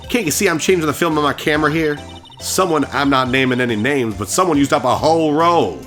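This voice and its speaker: A man's voice: a little high, fairly quick, soft background music, pitched above the performer's own voice, natural voice. A man putting on a fiery Southern woman photographer. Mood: grumbling. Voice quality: overdone country drawl. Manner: scolding, loud and indignant. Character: brash Southern woman photographer, short-tempered.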